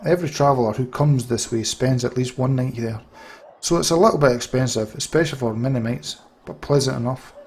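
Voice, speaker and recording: A man's voice: mid-range voice, brisk, a little mellow, slightly rough. Field: tiny impatient winged sprite, voiced by a man. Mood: chatty. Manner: chirping and impatient. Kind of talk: reading game dialogue aloud.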